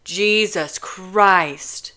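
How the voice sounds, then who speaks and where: A woman voicing an impatient, blunt young man in a storybook reading, speaking slowly and loudly with annoyance. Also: low-pitched, steady tone, clean tone. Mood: exasperated. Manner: slow, loud, annoyed.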